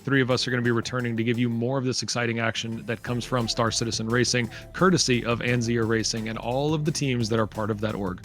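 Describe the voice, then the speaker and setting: A man's voice: mid-range voice, level tone, quick pace, few pauses, a bit bright, faint music behind. Upbeat man commentating a space race. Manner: chatty, upbeat, many fillers. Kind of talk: live esports commentary.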